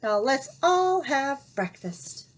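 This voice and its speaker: A woman reading a storybook aloud, voicing a fiery, bold old grandmother who yells. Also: high-pitched, big pitch swings, takes it slowly, voice pushed up, full character voice, low-quality recording. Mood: cheerful. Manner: yelling.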